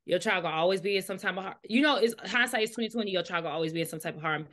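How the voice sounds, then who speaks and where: A woman's voice: mid-range voice, rapid-fire. Chatty woman recapping a novel. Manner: lively retelling, then thoughtful reasoning. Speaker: book discussion host. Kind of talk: casual book chat.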